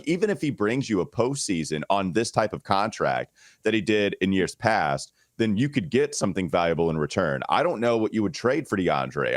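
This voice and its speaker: A man's voice: deep voice, no room sound, clean studio sound. A man hosting a sports podcast, talking casually and thinking aloud with frequent restarts. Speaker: podcast host.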